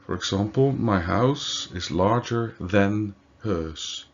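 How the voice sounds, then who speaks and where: Teacher, male, native Dutch speaker: slow, deliberate explainer, lowish voice, dull lo-fi sound. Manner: slow, deliberate, with fillers and self-corrections. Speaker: language teacher. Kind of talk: slow explanatory grammar lesson. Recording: dull lo-fi recording.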